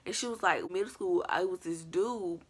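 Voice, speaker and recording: A woman vlogger telling a spooky story from school in a casual, animated way, acting out scenes as she goes. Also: fairly low pitch, moderate pace. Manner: animated, colloquial, acts out scenes. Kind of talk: storytime vlog.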